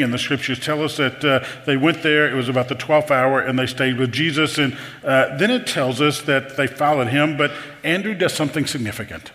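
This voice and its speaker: A man's voice: medium pitch, a bit bright. Conversational male preacher in a big hall. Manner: conversational, repeats words, asks the audience questions. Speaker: pastor. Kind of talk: sermon. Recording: long hall reverb.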